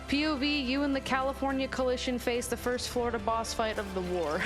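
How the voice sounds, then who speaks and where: A woman's voice: a little high, steady tone, fairly quick, over music. A woman streamer chatting casually as she reacts, giggling often and swearing freely.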